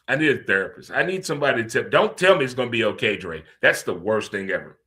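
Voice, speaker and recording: A man hosting a casual talk radio show, joking and animated, swinging between loud outbursts and low muttering. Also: fast talker. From St. Louis.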